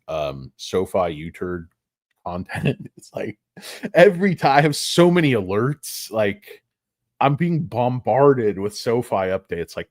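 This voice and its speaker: A man's voice: lowish voice, a little mellow, dry recording, clean studio sound. A man hosting a stock market video, talking in a casual, joking, irreverent ramble full of fillers.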